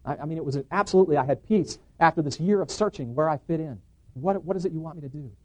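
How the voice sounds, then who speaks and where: A middle-aged man giving an animated testimony in church, acting out dialogue and restarting his sentences. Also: on the high side, quick pace. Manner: excited, acts out dialogue, frequent restarts. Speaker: guest speaker giving testimony.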